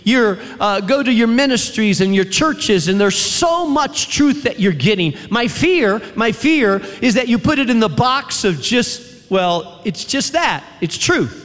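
A man preaching a sermon in a chapel, emphatic, with repeated refrains and dramatic pauses. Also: extremely high pitch, lively intonation, a bit bright. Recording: long reverb of a large hall.

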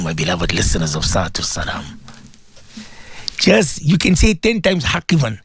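A man's voice: a little high, wildly swooping pitch, a little fast, fairly bright tone, breathy edge, no room sound, clean studio sound. A man hosting a devotional radio talk, preaching fervently and repeating himself as he pleads with listeners. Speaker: religious radio host.

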